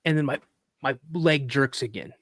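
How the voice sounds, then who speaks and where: A man, a podcast guest, telling a story in a casual, animated way with acted quotes. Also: mid-range voice, moderate pace, no echo, clean studio sound. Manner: rambling with restarts.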